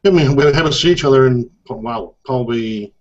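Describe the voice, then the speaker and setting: Chatty co-host, casual and rambling; muffled lo-fi call audio. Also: male voice, mid-range voice, normal speed. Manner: chatty, laughs often, many fillers. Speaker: co-host of a live chat show. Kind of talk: casual chat.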